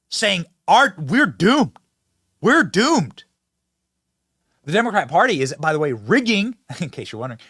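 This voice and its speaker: Animated sarcastic male commentary host. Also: fairly high pitch, no room sound, clean studio sound. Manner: sarcastic, animated, mocking, swings loud and soft. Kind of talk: fast mocking political commentary.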